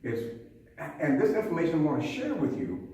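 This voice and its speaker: A man's voice: a little high, huge pitch swings, a little fast, warm tone. An older man from the American South telling stories and giving homespun sayings as a police chief speaking to an audience. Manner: storytelling, homespun sayings, asks the audience questions. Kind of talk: folksy public talk to an audience. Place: museum hall with an audience. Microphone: recorded from across the room. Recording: echoey hall, distant mic, faint room noise.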